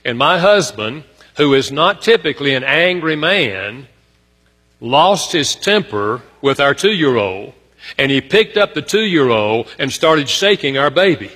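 A man preaching a sermon, telling a story about himself and speaking straight to the congregation, rising high for emphasis and dropping low and quiet for asides. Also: lively intonation, unhurried, husky. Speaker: pastor. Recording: long hall reverb.

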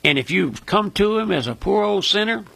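A man's voice: high voice, lively intonation, normal speed, creaky, a bit bright, no echo. An older man, preaching earnestly on the radio and often calling the listener "my friend". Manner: earnest, repeats "my friend", emphatic rises. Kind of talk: radio sermon.

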